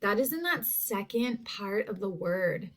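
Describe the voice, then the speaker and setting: Woman teacher, slow and deliberate, repeats words for young spellers. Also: mid-range voice, expressive, a bit bright. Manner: slow, drawn-out repetition of words. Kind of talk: spelling lesson for children. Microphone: home recording.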